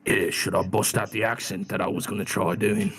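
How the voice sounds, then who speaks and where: A man talking casually on a voice call between rounds of a tabletop game. His voice sits a little low, and he runs fast and self-deprecating, laughing easily. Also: fairly even intonation, crowd noise. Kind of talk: casual chat during a game break.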